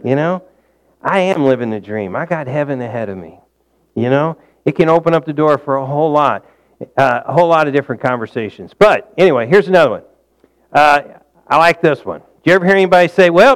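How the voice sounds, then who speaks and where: A man preaching a conversational sermon, folksy, asking the congregation questions and swinging from loud, high emphasis to quiet, low asides. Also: animated, a little fast. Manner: folksy, engages the audience with questions.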